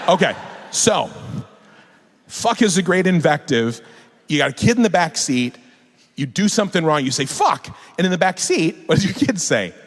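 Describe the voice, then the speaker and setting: A man, an author and guest speaker, telling a funny story to a live audience in a large hall, lively and laughing as he swears. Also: fairly high pitch, moderate pace, pauses often. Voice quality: animated, lively delivery with frequent laughs and swearing.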